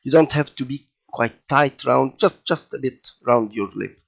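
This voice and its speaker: A man teaching a children's language lesson over slides, patient and deliberate, often checking in with "okay?" and restarting his phrases. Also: medium pitch, gravelly. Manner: patient, repeats and checks in with "okay?" and "all right?"; slow and deliberate, with fillers and restarts.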